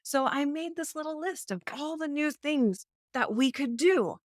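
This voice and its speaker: A woman guesting on a podcast, an agency owner telling candid stories about her business in a lively, conversational way. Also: high voice, unhurried, dry recording, clean studio sound. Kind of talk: casual conversation.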